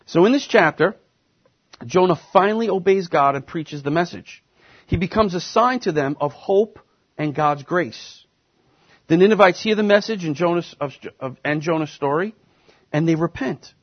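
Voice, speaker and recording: A man's voice: on the high side, normal speed, muffled recording. A man preaching a sermon, speaking emphatically and putting questions to the congregation. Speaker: pastor.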